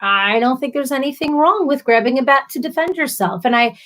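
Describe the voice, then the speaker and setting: A woman's voice: high-pitched, lively intonation, a little fast, fairly bright tone. A woman hosting a casual live stream, reading viewer comments aloud and answering them with sympathy and playful asides. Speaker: livestream host.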